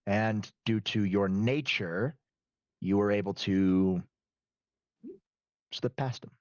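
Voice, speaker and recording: A man playing a composed demon heir and powerful boss, speaking in a calm, businesslike way. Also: lowish voice, slow, dry recording, muffled recording.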